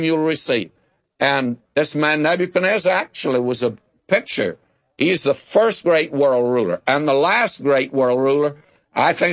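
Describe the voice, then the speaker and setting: A man's voice: medium pitch, dry recording, muffled recording. Older man teaching a folksy Bible sermon. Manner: homespun, conversational, drawn-out emphasis on key words. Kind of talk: folksy sermon with humorous anecdotes.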